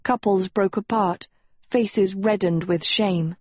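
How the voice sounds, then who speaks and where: Woman, audiobook narrator, slow and deliberate, expressive storytelling, dry close recording. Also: mid-range voice, breathy edge, dry recording.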